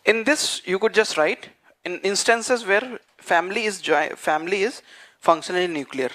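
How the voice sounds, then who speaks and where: A man teaching a class, dictating notes and repeating phrases slowly so students can write them down. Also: high-pitched, pushed and bright. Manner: frequent fillers like "what you call" and "okay". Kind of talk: dictated lecture.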